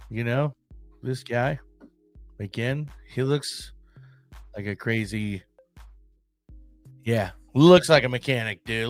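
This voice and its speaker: A man hosting a casual solo podcast, rambling and excitable, with crude military-maintainer humor. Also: medium pitch, dry recording. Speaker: podcast host.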